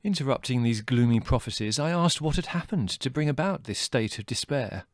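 A man narrating an audiobook with wry, measured delivery. His pitch moves lively through each sentence, and the close studio recording is dry. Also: dry recording. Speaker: audiobook reader. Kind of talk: scripted narration.

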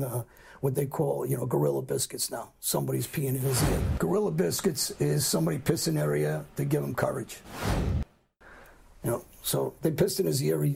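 A man's voice: fairly high pitch, gravelly, warm tone, husky. A middle-aged man telling a story in a blunt, profane way and acting out the lines he quotes. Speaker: guest telling a crime story. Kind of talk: casual storytelling.

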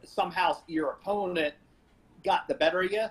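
A man, a jiu-jitsu black belt guest on a podcast, casually telling animated stories from his early training. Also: high voice, normal speed, low-quality recording. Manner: animated, laughing reminiscence. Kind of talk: casual storytelling.

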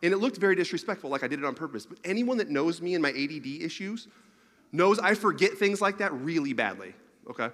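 A man tells a rambling, self-mocking story from the pulpit, animated and quick to laugh at himself. His voice sits fairly high and rings bright and forceful. It carries the long reverb of a large hall. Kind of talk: storytelling sermon to an audience.

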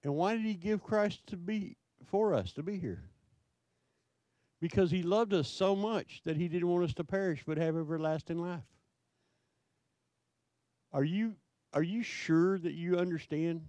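A man preaching a sermon, asking his listeners question after question in a slow, emphatic way. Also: a little high, warm tone, dry recording. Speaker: pastor.

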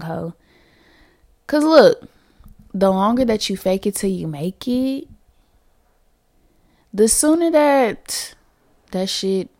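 A young woman talks on her own podcast in a loose, candid chat. She is full of slang and keeps dropping to whispered asides before springing back up loud, and her voice sits at a middle pitch for a woman. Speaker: podcast host. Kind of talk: casual solo podcast chat.

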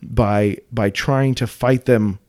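A podcast co-host with a mid-range male voice keeps the conversation casual. Animated and prone to laughing, he tends to begin sentences again partway through.

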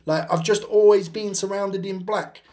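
A man's voice: sits high, steady tone, normal speed, mellow, pitched above the performer's own voice, natural voice. A man putting on a mock Jamaican accent to play a brash young man who boasts in a swaggering, laid-back way.

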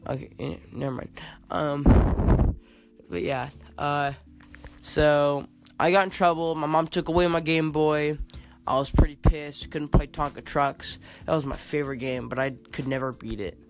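Casual male host, slightly high voice, rambling giggly storyteller. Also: fairly even intonation, a little slow, faint music behind. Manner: rambling, giggly, lots of fillers.

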